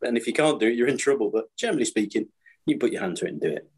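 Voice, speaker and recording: Fast-talking husky British man in his fifties. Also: medium pitch. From Britain. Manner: rambling, repeats and restarts, animated storytelling. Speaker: supplier to the screen printing trade. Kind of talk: casual podcast chat.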